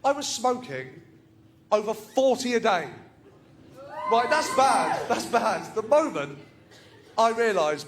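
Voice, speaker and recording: A man's voice: high voice, very animated, takes it slowly, pauses often. A stand-up comedian with a nasal voice, performing his routine on a club stage. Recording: live club recording, loud crowd laughter and noise.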